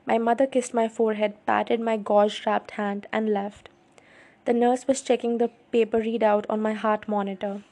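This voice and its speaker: A woman reading a first-person novel aloud in an even, understated way. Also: medium pitch, normal speed. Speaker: audiobook reader.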